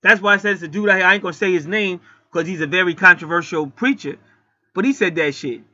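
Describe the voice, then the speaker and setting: A man delivers a blunt, profane spiritual lecture that keeps climbing into heated rants. His voice sits fairly high and comes out sharp and forceful. The sound is dry and a little dull, with no room around it. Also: quick pace, dry recording. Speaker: online spiritual teacher. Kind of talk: profane preaching monologue.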